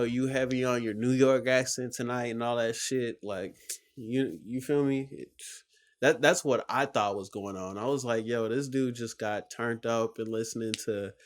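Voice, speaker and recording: A man hosting a reaction video, talking casually and rambling with lots of fillers. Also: mid-range voice. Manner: rambling, full of "like" and "you know". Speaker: reaction channel host.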